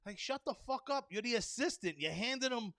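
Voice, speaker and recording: A man's voice: very high-pitched, expressive, a little fast, sharp tone, dry recording. A man in his thirties from the New York area, hosting a solo podcast and ranting in a rambling, profane way with lots of fillers; he says he is a little tired. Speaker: podcast host.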